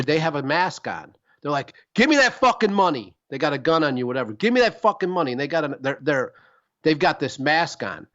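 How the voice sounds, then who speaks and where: A man's voice: on the high side, a bit bright, lo-fi sound. A man co-hosting a podcast in casual chat, talking emphatically and swearing freely as he rambles from thought to thought. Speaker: podcast co-host.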